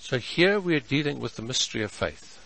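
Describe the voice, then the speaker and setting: A man preaching a sermon as pastor, measured and emphatic, stretching out his key words. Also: mid-range voice, lively intonation, gravelly, fairly bright tone, low-quality recording. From South Africa.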